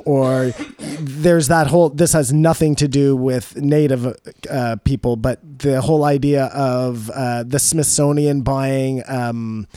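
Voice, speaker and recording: A man co-hosting a casual podcast chat, his voice dark and mellow. He thinks aloud in a rambling, speculative way. The sound is close and dry, with no room around it. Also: mid-range voice, dry recording. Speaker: podcast co-host. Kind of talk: casual discussion.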